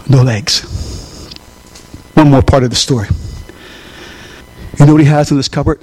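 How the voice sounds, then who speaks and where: A man preaching a sermon, telling a story with emphasis and asking the congregation questions. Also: very high-pitched.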